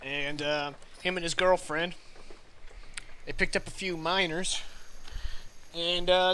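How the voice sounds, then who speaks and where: A man's voice: high voice, sharp tone, a little hiss or hum. A man voicing a weary, dry-humored frontier gunsmith with a folksy drawl and hesitant fillers.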